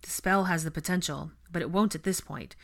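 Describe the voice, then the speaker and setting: A woman's voice: lowish voice, a little fast, creaky. A woman reading the part of a brusque, commanding young wizard who gives firm, clipped orders.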